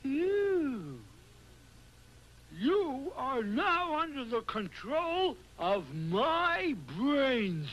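A slow, drawling dog lawman for a cartoon. The voice sits very high and bright, with a sing-song lilt, and carries a folksy, dim-witted bluster. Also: big pitch swings, full character voice, poor audio. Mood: bossy. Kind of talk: 1960s TV cartoon voice acting.

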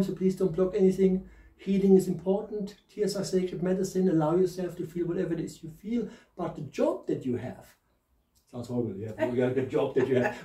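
A man's voice: high-pitched, warm tone, reverberant, far from the mic, low-quality recording. A man with a German accent and a slight lisp from new dentures, hosting a chatty, jokey tarot reading. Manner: chatty, jokey, laughs at himself. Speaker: tarot reader and host. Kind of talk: casual spoken tarot reading.

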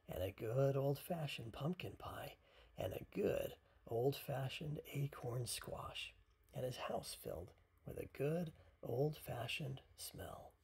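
A parent reading a picture book aloud at bedtime, softly and half-whispered. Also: medium pitch, gravelly, breathy edge. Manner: soft, half-whispered, unhurried.

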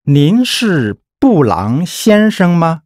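A woman slowly saying model words for listeners to repeat, with careful, drawn-out tones. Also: lowish voice, very animated, a little mellow, dry recording. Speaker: native-speaker model for pronunciation. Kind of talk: slow model pronunciation for repetition. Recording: dry studio recording.

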